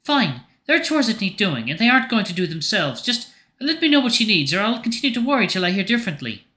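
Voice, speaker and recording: A man's voice: sits high, big pitch swings, quick pace, sharp tone, pitched above the performer's own voice, heavily acted. A man voicing a worried, impatient young woman who keeps after her sister in a story game. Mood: fussing. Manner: insistent, fussing.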